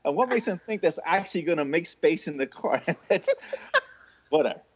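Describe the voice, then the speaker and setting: A man on a podcast telling a funny story in casual chat, animated and saying "dude" all the time. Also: fairly high pitch, moderate pace, a little hiss or hum. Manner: animated, says "dude" constantly. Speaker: podcast co-host. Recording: slightly muffled dry sound.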